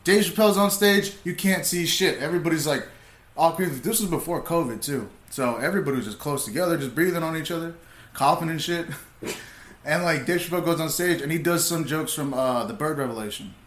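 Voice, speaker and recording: Man, young adult, comedian, casual storyteller, bright tense voice, echoey room. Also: on the high side, brisk. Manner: laid-back, swears freely, animated when retelling. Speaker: comedian, podcast guest.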